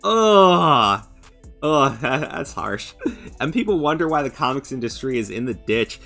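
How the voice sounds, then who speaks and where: A man's voice: medium pitch, creaky, fairly bright tone. A man hosting a commentary channel, ranting in a sarcastic, mocking and profane way, stumbling over restarts and fillers. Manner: halting restarts and stammered fillers. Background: faint background music.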